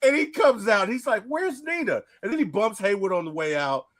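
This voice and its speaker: A man's voice: high voice, big pitch swings, brisk. A man co-hosting a casual debate about a film, talking animatedly and breaking into laughs and exclamations. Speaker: co-host.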